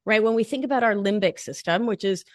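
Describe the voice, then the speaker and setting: A woman's voice: mid-range voice, fast, no echo, studio quality. A woman speaking as a guest on a podcast interview, explaining ideas in a playful, emphatic way. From not from Long Island. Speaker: guest, nurse practitioner and life coach.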